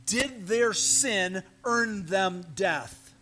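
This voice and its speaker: Male pastor, unhurried earnest sermon delivery, sits a bit high, drops to near-whispers. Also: sharp tone. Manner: slow, earnest preaching, dropping to near-whispers. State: coughing, fighting a sore throat.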